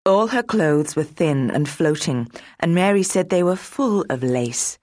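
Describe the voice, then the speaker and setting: Low-voiced woman reading a storybook. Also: lively intonation, a little slow, darkish tone, no echo, studio quality. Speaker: narrator. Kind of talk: storybook narration.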